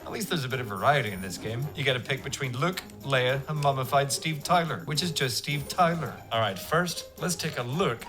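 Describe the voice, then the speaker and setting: A man's voice: medium pitch, lively intonation, fairly quick, hardly any pauses, music in the background. A man in his thirties with an Irish accent, delivering a sarcastic scripted video game review and swearing freely. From Ireland. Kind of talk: comedic scripted review narration.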